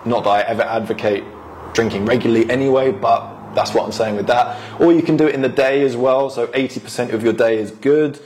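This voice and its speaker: A man co-hosting a casual podcast, giving relaxed health advice and laughing often. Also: medium pitch, brisk, slight background noise. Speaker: podcast co-host, health coach.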